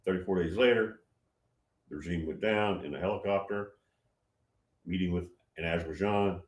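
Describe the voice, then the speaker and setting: A man's voice: low-pitched, moderate pace. Rambling emphatic man in a roomy room. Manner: rambling, repeats himself, emphatic. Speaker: host of a prophetic livestream. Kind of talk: casual livestream commentary.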